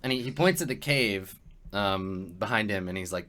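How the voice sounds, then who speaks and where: A man's voice: on the low side, moderate pace, sharp tone. A man narrating as game master of a tabletop game, rambling and laughing with many fillers.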